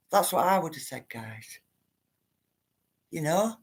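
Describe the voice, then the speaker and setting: A woman hosts a livestream and talks straight to her viewers, calling them guys and love. She rambles from point to point in a chatty, familiar way. Her voice sits fairly low for a woman. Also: lively intonation, takes it slowly, long pauses, darkish tone, husky. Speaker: livestream host reading viewer comments. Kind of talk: casual livestream chat to viewers.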